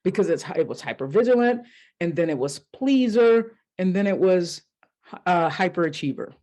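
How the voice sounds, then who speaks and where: Animated woman coach telling stories. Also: lowish voice, normal speed. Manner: animated storyteller who acts out her own inner voices; casual and candid, with mild swearing. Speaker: life coach and podcast host. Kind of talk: solo podcast monologue.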